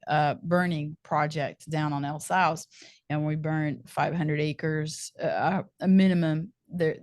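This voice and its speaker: A woman hosting a podcast, chatty and animated, laughing often as she talks. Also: low-pitched, no room sound, clean studio sound. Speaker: podcast host. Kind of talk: podcast interview.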